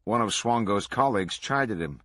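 A man reading a true crime book aloud to a book club in a steady, measured way. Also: fairly low pitch, dry recording.

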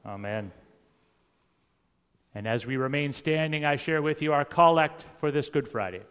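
A priest leading a congregation in prayer and the collect, calm and formal. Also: male voice, a little high, brisk, clear, resonant tone. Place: church sanctuary. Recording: long church reverb.

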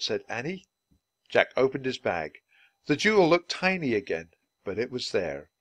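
A man's voice: mid-range voice, normal speed, no room sound. Man reading a children's book aloud. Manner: steady, clearly paced reading for learners. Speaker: storybook reader.

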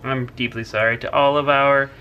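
A man's voice: medium pitch, steady tone, normal speed, muffled recording, a little hiss or hum. A man hosting a casual drawing tutorial, chatty and teasing as he narrates each stroke. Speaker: host, drawing teacher.

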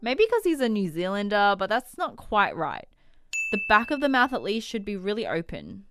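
A woman's voice: mid-range voice, huge pitch swings, moderate pace, background noise. A woman with an Australian accent presenting a scripted explainer in a wry, conversational way.

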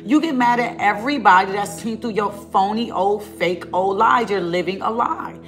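A woman's voice: medium pitch, normal speed, soft background music. A woman ministering online, preaching a fiery rant at her viewers, emphatic and scolding, with lots of repetition and casual talk.

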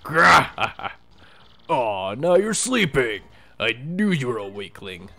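Man doing a boastful wrestler bird, gravelly, lively swings, faint game music. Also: medium pitch, takes it slowly, exaggerated voice. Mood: taunting. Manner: swaggering trash talk, growls and laughs. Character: boastful hulking male wrestler bird, loud and cocky.

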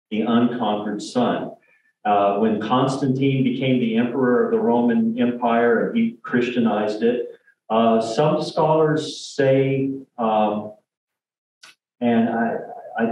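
A lay speaker with a lowish, darkish voice gives a rambling presentation in a church hall, full of fillers, restarts and jokey asides. The sound is dull and lo-fi, picked up by a distant mic in an echoey sanctuary.

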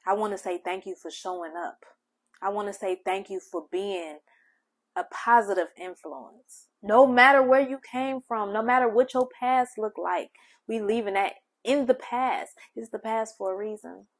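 A woman hosting a spiritual channel, speaking gentle, heartfelt affirmations straight to the listener. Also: medium pitch, moderate pace. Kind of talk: affirming spiritual message to the viewer.

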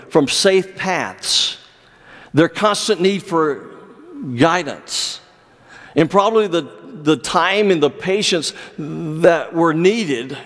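A pastor preaching an earnest sermon, with measured delivery and dramatic pauses. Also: male voice, on the high side, a bit bright. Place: church sanctuary. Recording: long church reverb.

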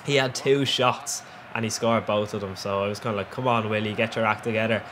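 A young man with an Irish accent doing cheeky, excitable voice-over commentary on his own gameplay, laughing often. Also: fairly low pitch, a little fast, slight background noise. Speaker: gaming channel host.

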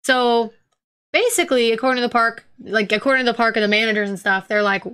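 A woman's voice: fairly high pitch, quick pace, fairly bright tone, clear, resonant tone. A young woman co-hosting a casual podcast, reading news stories aloud with profane, teasing asides. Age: young adult. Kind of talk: casual chat.

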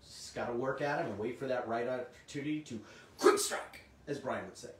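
A middle-aged man, slightly hoarse, hosting a comic shop livestream in casual, chatty talk and answering viewers' comments. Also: medium pitch, brisk, a bit bright. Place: indoor room. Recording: roomy, distant mic, faint noise.

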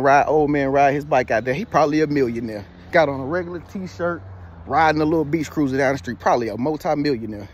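A man's voice: fairly high pitch, slight background noise. A man in his thirties giving casual motivational advice, preachy and repetitive, who keeps checking in with "you feel me.". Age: 30s. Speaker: motivational vlogger.

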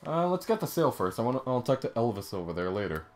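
A young man hosting a casual let's play, goofy and jokey, swinging between mumbles and loud outbursts. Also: mid-range voice, big pitch swings, fast talker. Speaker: game streamer host. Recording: faint game music behind.

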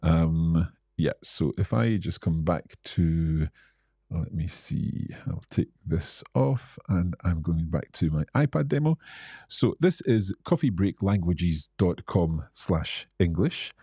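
Scottish male teacher hosting a live Q&A, low husky voice, friendly and explanatory. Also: lively intonation, slow, dark tone, no room sound, clean studio sound. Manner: friendly, explanatory, reads out viewer comments. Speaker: English teacher and host. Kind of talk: live-stream Q&A.

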